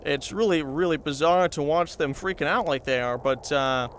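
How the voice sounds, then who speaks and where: A man's voice: a little high, normal speed, a bit bright, slight background noise. A man telling a comedic, meandering anecdote in character as a reporter, chatting to his viewers.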